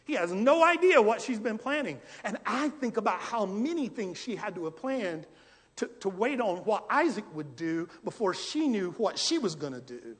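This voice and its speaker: A male pastor preaching a verse-by-verse sermon in a church, asking lively rhetorical questions and acting out scenes. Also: sits high, normal speed. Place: church sanctuary. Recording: long church hall reverb.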